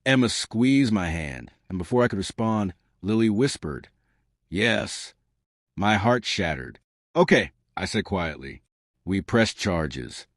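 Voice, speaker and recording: Male narrator, low voice, lively delivery, dry close sound, first-person story. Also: measured pace, no room sound. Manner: reads all characters' dialogue in a mostly plain voice.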